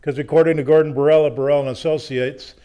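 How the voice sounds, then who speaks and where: A man's voice: fairly high pitch, steady tone, fast talker, mellow, lo-fi sound. A man leading a sales training session, explaining prospecting in an upbeat, jokey, instructive way.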